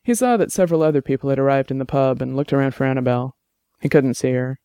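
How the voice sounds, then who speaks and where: A man giving measured, scripted audiobook narration. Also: mid-range voice, mellow, smooth, no room sound, clean studio sound.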